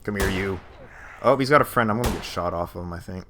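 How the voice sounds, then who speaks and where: A man's voice: low-pitched, fast talker, background noise. A man casually commenting on his own gameplay as a streamer, joking and chatty, with a lot of laughing.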